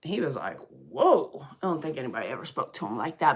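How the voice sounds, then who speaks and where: A middle-aged woman chatting on a livestream, telling stories in a lively, fired-up way and greeting viewers by name. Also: on the low side, fast talker, hardly any pauses, breathy edge. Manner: animated storyteller, gets loud and fired up. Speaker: livestream host. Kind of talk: casual livestream chat.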